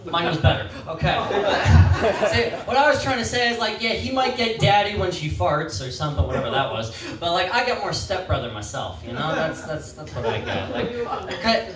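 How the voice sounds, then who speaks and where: A man doing a stand-up set in a pub, rambling and halting in a self-deprecating way. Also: high-pitched, very animated. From Canada. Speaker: stand-up comedian. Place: pub comedy stage. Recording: roomy pub, distant mic, crowd laughter. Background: audience laughter.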